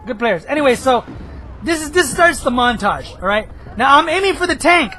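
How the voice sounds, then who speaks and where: A hoarse man giving rambling, excitable commentary over his own gameplay footage, now and then bursting into shouts. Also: very high-pitched, a little fast, slight background noise, rough recording. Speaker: gameplay video host.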